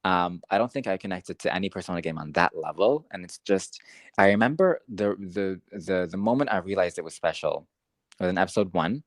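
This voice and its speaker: A young man co-hosting a podcast, talking casually with lots of fillers, rambling and getting excited. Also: low voice, brisk, dry recording. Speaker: podcast co-host. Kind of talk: casual chat.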